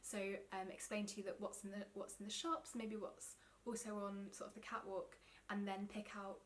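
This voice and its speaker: A woman's voice: medium pitch, little pitch movement, moderate pace, a little hiss or hum. A young English woman chatting to camera about her favourite knitting vlogs, enthusiastic and full of ums and side notes. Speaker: knitting vlogger. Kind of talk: casual chat to camera.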